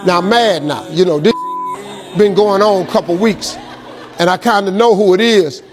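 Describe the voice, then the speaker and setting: A man giving a motivational speech, telling a story in a colloquial, animated way and acting out the dialogue. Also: high-pitched, normal speed, crowd noise. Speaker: motivational speaker. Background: background music.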